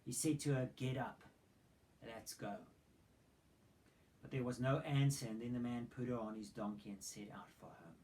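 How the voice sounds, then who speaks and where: A man's voice: mid-range voice, fairly even intonation, brisk, hardly any pauses, mellow. A man preaching a sermon in a mid-range voice. He retells the story dramatically and keeps asking his listeners rhetorical questions. Faint noise sits behind him in a church hall.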